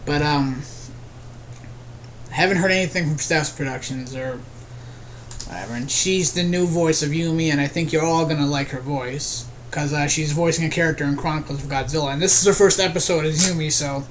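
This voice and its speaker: A man's voice: on the high side, steady tone, a little fast, a little hiss or hum. A young man giving a casual, rambling vlog update to his viewers, earnest and often restarting his sentences. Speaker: video creator.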